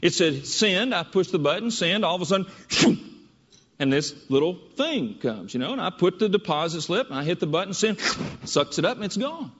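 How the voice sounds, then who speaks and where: Animated man telling a story in a hall. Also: sits high, a little fast, husky. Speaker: speaker giving a presentation. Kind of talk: storytelling speech. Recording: dull echoey hall recording.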